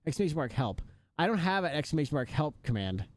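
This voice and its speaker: A man's voice: on the high side, sing-song, quick pace. A man live streaming, chatting casually and joking with his viewers, laughing often.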